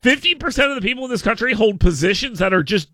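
A male radio show host in casual talk radio banter, animated and rambling, often restarting words and stammering. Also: high-pitched, quick pace, no room sound, clean studio sound.

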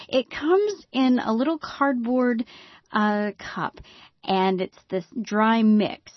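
A woman telling a personal story in a slow, unhurried way, with wry, dry humor. She drops into hushed, dramatic tones at the tense moments. The recording is dry and slightly dull. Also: medium pitch, no echo.

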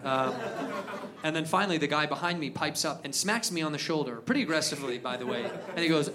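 A man doing a stand-up comedy set, telling an animated story that builds to shouted punchlines. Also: on the high side, brisk, noisy background. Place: comedy venue stage. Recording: live club set, crowd laughter. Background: audience laughing.

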